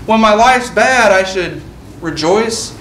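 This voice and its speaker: A man's voice: high-pitched, expressive, slow pace, a bit bright, slight background noise. A man preaching an earnest sermon, reading scripture aloud and restating it in plain words. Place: church sanctuary. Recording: echoey church room, mic at a distance.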